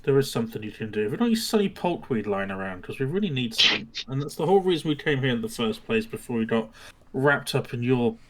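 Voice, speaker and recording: A man's voice: mid-range voice, expressive, fast, a bit bright. A man playing a tabletop game who talks in character, bluntly and sarcastically. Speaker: player.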